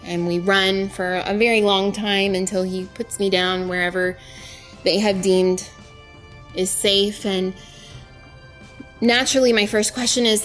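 A woman's voice: medium pitch, fairly even intonation, measured pace, long pauses. Woman recounting her ordeal over faint music. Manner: vivid, narrates events in the present tense. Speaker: former aid worker, interview guest. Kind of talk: first-person storytelling recounting an ordeal.

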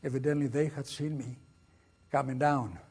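An older man with a Greek accent giving a storytelling lecture about his wartime experiences, lively and dramatic. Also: mid-range voice, normal speed, slightly rough. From Greece. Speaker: guest speaker.

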